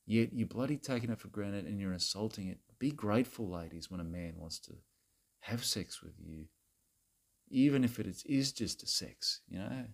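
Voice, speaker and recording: A man's voice: lowish voice, expressive, normal speed, creaky. A man playing a crude, self-righteous Australian bloke who rants at women in a rambling, repetitive way, saying mate and bloody constantly. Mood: preachy rant. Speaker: comedy character monologue. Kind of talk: satirical rant to camera.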